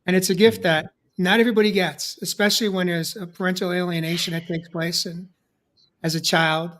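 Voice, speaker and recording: A man's voice: high-pitched, steady tone, fairly quick, a bit bright. A man hosting a live discussion show, talking in an affirming, encouraging way. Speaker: podcast host.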